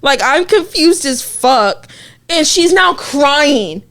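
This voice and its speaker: A young woman with a high voice tells a story in loose, casual podcast chat. She is animated and throws in plenty of swearing. Her delivery stays relaxed and conversational. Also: takes it slowly.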